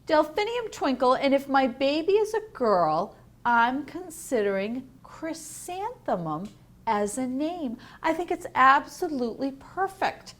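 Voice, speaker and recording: A woman voicing a kind, gentle pregnant schoolteacher in a picture book read aloud, with a warm, reassuring manner. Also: high voice, very animated, unhurried, pitched above the performer's own voice, exaggerated voice.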